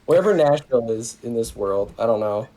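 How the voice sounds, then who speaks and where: A man playing a tabletop game, chatting casually in a halting, rambling way and swearing freely. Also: medium pitch, animated, warm tone, rough recording. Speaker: player.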